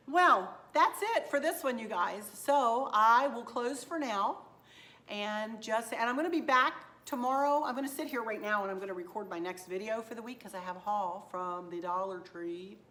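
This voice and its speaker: A hoarse woman chatting casually to her viewers as a home decor vlogger, gushing and affectionate, rambling from one thought to the next. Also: a little high, moderate pace, a bit bright.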